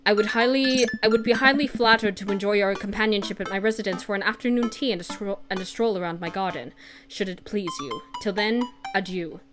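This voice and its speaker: A woman voicing a brooding gothic gentleman dad who reads his own flowery, old-fashioned letter in a stilted, formal way. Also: mid-range voice, a little fast, over music, lightly acted.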